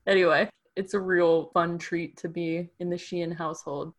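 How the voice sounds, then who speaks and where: A woman's voice: on the low side, steady tone, moderate pace. A woman in her thirties co-hosting a podcast, chatting casually and laughing easily. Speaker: podcast co-host. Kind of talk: casual chat.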